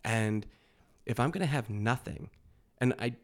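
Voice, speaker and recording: A man's voice: mid-range voice, lively intonation, unhurried. A man speaking as a podcast guest in a candid conversation, blunt and profane, laughing often.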